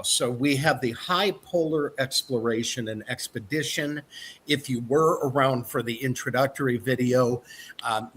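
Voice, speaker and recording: A man's voice: mid-range voice, a bit bright, slight background noise. A man from the American Midwest presenting a cruise line in an upbeat sales style, with fillers. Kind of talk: presentation to an online audience.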